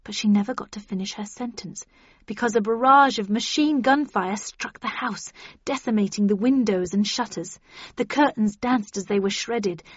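Brief: female audiobook narrator, brisk first-person storytelling, slightly dull lo-fi sound. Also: medium pitch, breathy edge, dry recording. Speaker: audiobook reader. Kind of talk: scripted narration.

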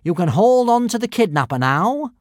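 A man's voice: high voice, very animated, moderate pace, dry recording, studio quality, pitched above the performer's own voice. A man voicing a treacherous, scheming villain in an audiobook, with a sneering, hissing drawl. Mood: cross. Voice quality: sneering, hissing drawl, mangled foreign words. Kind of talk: audiobook character voice.

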